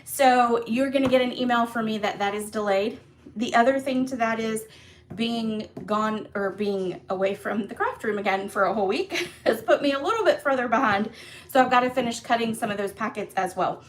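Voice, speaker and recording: A woman with a slightly high voice talks her viewers through a craft project in a casual live stream. She is chatty and upbeat, and she fills her sentences with ums and little laughs. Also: moderate pace, a little hiss or hum. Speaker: craft demonstrator hosting a live class. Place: home craft room.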